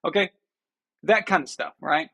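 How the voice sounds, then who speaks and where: A man's voice: on the high side, normal speed, gravelly, sharp tone, breathy edge. A man hosting a sports talk show, ranting and sarcastic. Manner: ranting, sarcastic, mocking impressions. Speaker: show host.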